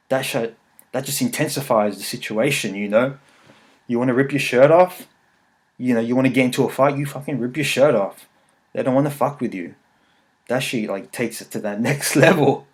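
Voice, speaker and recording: A young man chats on his podcast in a loose, meandering way, peppering his stories with profanity and jokes. His voice sits at an ordinary middle pitch for a man. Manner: rambling, profane, jokey storytelling. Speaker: podcast host. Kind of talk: casual chat.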